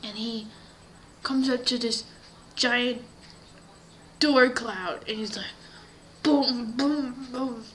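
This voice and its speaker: A woman improvising a story in an animated way, often dropping into breathy whispers. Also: on the high side, slow, long pauses, a little hiss or hum, low-quality recording.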